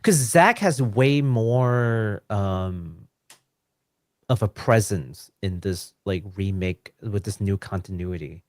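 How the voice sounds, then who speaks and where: A man co-hosting a gaming podcast, laid-back and quick to laugh in casual chat. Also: fairly low pitch, lively intonation, no room sound. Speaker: podcast co-host.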